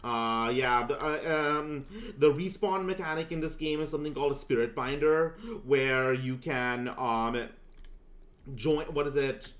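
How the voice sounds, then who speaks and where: A man from California casually commenting on his gameplay, rambling and halting with many fillers and restarts. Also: medium pitch, a bit bright. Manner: reads game dialogue in hammy theatrical voices. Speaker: gameplay streamer. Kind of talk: casual let's-play commentary.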